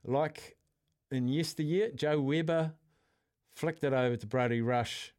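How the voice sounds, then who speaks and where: A man from New Zealand hosting a sports radio show, calling scores and chatting with excitable energy. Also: fairly high pitch, measured pace, no echo, clean studio sound.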